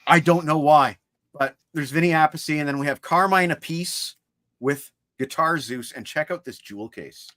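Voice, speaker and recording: A medium-pitched man speaking at normal speed shows off his CD collection as a livestream co-host, full of collector's enthusiasm. The audio is dry and studio-clean.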